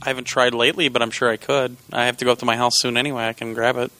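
A man co-hosting a gaming podcast, chatting casually, joking and swearing excitedly. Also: mid-range voice, racing, no echo. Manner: animated, swears and jokes, excitable. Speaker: podcast co-host. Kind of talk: casual chat.

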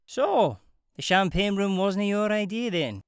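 A woman's voice: medium pitch, lively intonation, measured pace, clean tone, no echo, clean studio sound, voice pushed up, natural voice. A narrator voicing Sophia, a young Glaswegian stripper woman with a musical brogue, blunt and teasing, in an audiobook. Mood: frank, teasing. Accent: Glaswegian Scottish.

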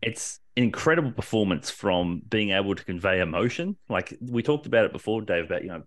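A man co-hosting a podcast, talking in an excited, rambling way, restarting sentences and swearing casually. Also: lowish voice, brisk. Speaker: podcast co-host. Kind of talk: casual wrestling discussion.

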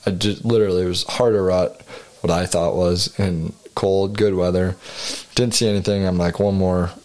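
A man's voice: deep voice, steady tone, moderate pace, darkish tone. A man co-hosting a podcast, rambling through a hunting story in casual chat with frequent swearing. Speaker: podcast co-host.

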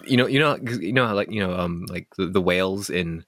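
Low-voiced male podcast co-host, loose rambling chat, dry close sound. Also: fast talker, fairly bright tone, dry recording. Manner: rambling, filler-heavy, laughs often. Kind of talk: casual chat.

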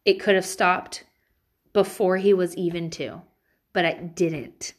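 A woman's voice: lowish voice, slow pace. A woman in her thirties, a mother telling personal stories and giving candid parenting advice in a casual way, swearing freely.

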